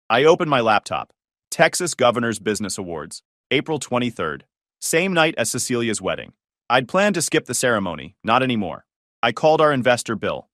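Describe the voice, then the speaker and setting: A man tells a first-person drama story, his voice moving up and down in animated, expressive sweeps. He sits at middle pitch, and the recording is close and dry with no room echo. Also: a little fast. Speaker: story narrator.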